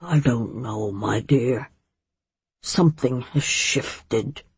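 A pompous, ancient swamp monster, as a woman reading a storybook puts him on, lecturing in a mild, grand way. His delivery is slow and a little husky. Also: lowish voice, animated, mellow, no room sound, heavily acted. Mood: brooding.

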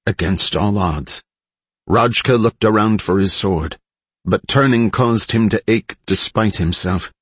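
A man reading a story aloud as scripted narration, with a measured, dramatic storytelling delivery. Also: deep voice, slightly rough, dry recording. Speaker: audiobook narrator.

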